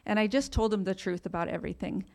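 A woman with a mid-range, gravelly, darkish voice talks fast as she candidly tells her own recovery story. She's self-deprecating, swears casually, and laughs her way through painful memories.

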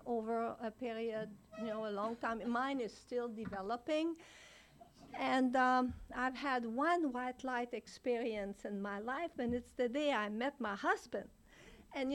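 Frank older woman with a high voice. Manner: frank, blunt, laughs often. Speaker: recovery speaker. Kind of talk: recovery meeting share.

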